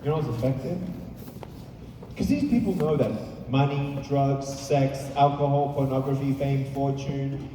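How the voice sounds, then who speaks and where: A man's voice: mid-range voice, normal speed, warm tone, a little hiss or hum. A man giving a motivational stage speech to a live audience, talking emphatically, repeating points and rallying the crowd. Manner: emphatic, repetitive, rallies the audience. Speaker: motivational speaker. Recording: echoey hall, distant mic, crowd.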